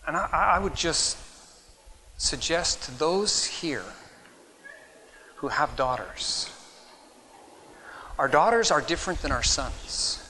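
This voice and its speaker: A man's voice: a little high, expressive, takes it slowly, long pauses, pushed and bright, a little hiss or hum, low-quality recording. A middle-aged man preaching a sermon, reading old-fashioned scripture aloud, then speaking earnestly and unscripted with frequent restarts. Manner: earnest, reads in King James wording then speaks off the cuff with repeated words.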